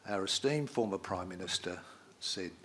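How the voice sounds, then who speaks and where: Low-voiced middle-aged man, measured formal speaker, slight background hiss. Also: animated, a bit bright. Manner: measured, reads quotations aloud with emphasis. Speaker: debate speaker. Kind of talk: formal prepared speech.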